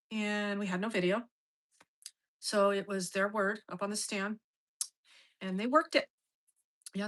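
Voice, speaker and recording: A middle-aged woman with a bright, forceful voice talks through a personal story in a loose, casual monologue. She is blunt and swears freely as she goes. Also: mid-range voice, poor audio. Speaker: host.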